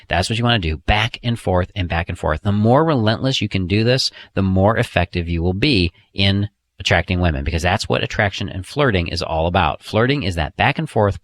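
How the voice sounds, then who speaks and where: Brief: a lower-voiced man, lively and joking, coaching his listener through an audiobook. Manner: energetic and joking, often adds "okay?". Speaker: author and audiobook narrator. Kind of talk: casual spoken dating advice audiobook.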